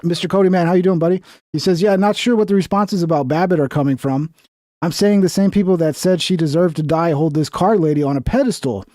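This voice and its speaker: A man's voice: fairly high pitch, quick pace, mellow, dry recording, studio quality. A man hosting a livestream, talking in a blunt, profane, rambling way. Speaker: livestream host. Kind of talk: casual livestream commentary.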